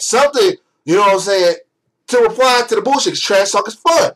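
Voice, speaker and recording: A young man, high-voiced, rants in exasperation, swearing constantly. His delivery is sarcastic and heated, like a gaming vlogger venting at his audience. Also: animated, fast talker, fairly bright tone, low-quality recording. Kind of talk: angry rant.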